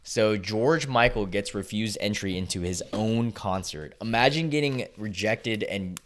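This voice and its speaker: Low-voiced man reacting casually. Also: measured pace, fairly bright tone. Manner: blunt and swearing, reading posts aloud and musing. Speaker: reaction video host.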